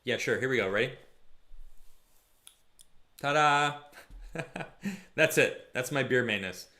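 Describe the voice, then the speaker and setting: A young man hosting a live stream, reading chat messages aloud and chatting casually, shifting between jokey and somber. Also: medium pitch. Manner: chatty, animated, quick mood swings from jokey to somber.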